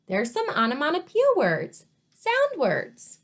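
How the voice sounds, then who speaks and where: A woman teacher reading a storybook to children, pausing to ask questions and explain words. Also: medium pitch, big pitch swings. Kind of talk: read-aloud story lesson for children.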